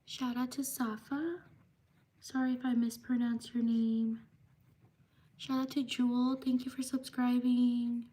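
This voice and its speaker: Woman reading shout-outs slowly and flatly. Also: on the high side. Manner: slow, even, repetitive reading of names. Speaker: livestream host. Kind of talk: reading viewer shout-outs on a live stream.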